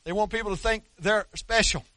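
A man preaching a sermon as pastor, emphatic and folksy, slowing down to stress scripture. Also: sits high, pushed and bright, no room sound. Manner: folksy, with colloquial asides and repeated words.

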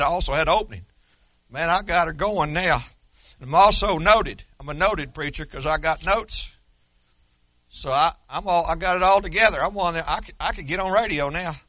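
An older pastor delivers a sermon in a folksy, joking manner that builds into fervor, his voice on the high side and strained from yelling to the point of giving out. The recording is dry.

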